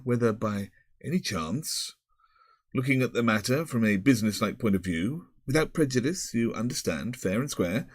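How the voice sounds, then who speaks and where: A man's voice: mid-range voice, dry recording, clean studio sound, pitched above the performer's own voice, natural voice. A man voicing an elderly, fussy and snobbish male headmaster who talks in long, pompous, winding sentences with small hesitations. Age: older.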